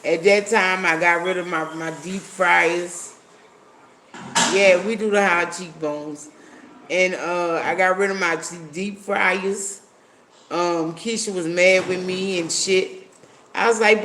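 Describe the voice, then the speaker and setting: A man with a high voice talks slowly and bluntly on a livestream, swearing freely and thanking viewers by name. A faint hiss of noise sits under his voice. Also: steady tone, sharp tone. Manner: blunt, profane, reads viewer comments aloud. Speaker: livestream host. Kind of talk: casual livestream chat.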